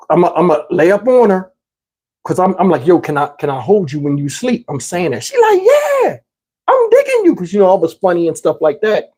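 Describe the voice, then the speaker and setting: Animated man telling a funny story. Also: husky. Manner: animated, jumps up high for quoted lines. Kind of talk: comedic storytelling.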